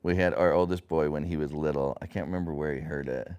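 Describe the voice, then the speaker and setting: A man's voice: very deep voice, fairly even intonation, quick pace, a little mellow, clean tone. A man hosting a casual family livestream, rambling with lots of fillers and restarts.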